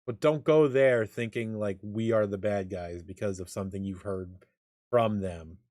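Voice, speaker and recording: A man's voice: fairly low pitch, moderate pace, darkish tone, no echo, studio quality. A man co-hosting a casual live chat stream, speaking earnestly and from the heart.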